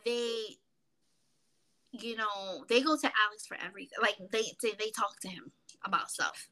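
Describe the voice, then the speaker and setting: Bright-voiced woman podcast co-host. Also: on the high side, moderate pace. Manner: animated storyteller, acts out her mother's voice. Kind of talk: casual chat.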